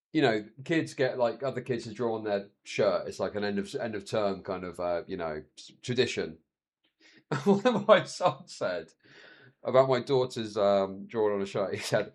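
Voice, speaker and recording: A man in his thirties chatting casually on a live stream, telling stories with frequent laughs and swearing. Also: mid-range voice. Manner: chatty, laughs often, swears, animated storytelling.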